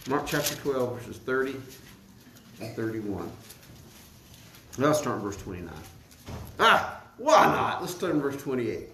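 A man's voice: medium pitch, measured pace, pauses often, a little hiss or hum. A man preaching a sermon as pastor. He speaks with animation, repeats words as he builds each point and asks the congregation to answer him. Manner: animated preaching with call-and-response questions to the congregation. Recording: echoey room.

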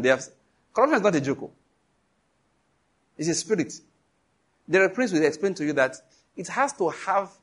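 Husky Nigerian preacher, emphatic delivery. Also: male voice, on the high side. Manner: emphatic, animated storytelling with rhetorical questions. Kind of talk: sermon.

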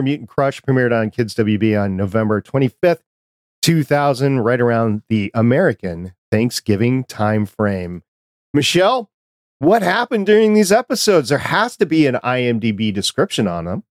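A man hosting and producing a fan podcast, leading the discussion in a lively, chatty way. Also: mid-range voice, moderate pace, dry recording, studio quality. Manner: animated, leads the discussion. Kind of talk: casual podcast chat.

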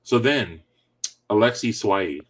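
A man telling a story in casual chat, animated and laughing often as he goes. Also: lowish voice, moderate pace, husky.

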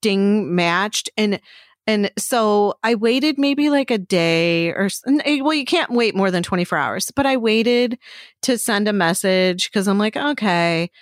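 A woman co-hosting a podcast, telling stories in an animated way and swearing freely. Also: mid-range voice, unhurried, no echo, studio quality. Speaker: podcast co-host. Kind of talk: casual chat. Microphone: studio microphone.

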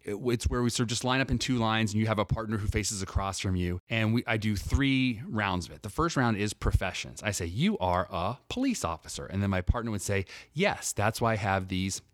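Animated man explaining improv, dry close mic. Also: on the low side, dry recording. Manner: animated, acts out examples in quick character voices. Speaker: improv teacher and guest. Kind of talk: casual podcast conversation.

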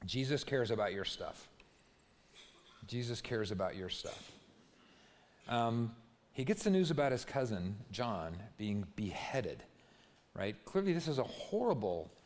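A man preaching a sermon as pastor, telling a story expressively and dropping to a near-hush on key words. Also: lowish voice. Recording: long hall reverb.

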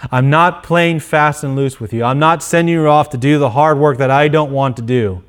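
A man's voice: a little high, moderate pace, few pauses. A male pastor preaching an earnest sermon, often repeating and restarting his phrases.

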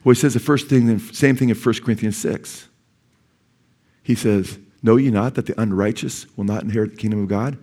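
A man's voice: on the low side, a little fast, warm tone. A man preaching a sermon as pastor, earnest and urgent, with sudden emphatic rises in his voice. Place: church sanctuary.

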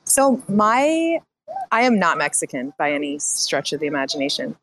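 A woman's voice: low-pitched, sing-song, normal speed, fairly bright tone. A woman in a casual online group chat, teasing the others and laughing often. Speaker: guest.

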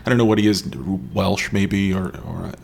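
A man's voice: deep voice, steady tone, moderate pace, gravelly. A male host interviewing an actress, easygoing and joking, and prompting her with encouraging questions. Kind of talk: casual interview chat.

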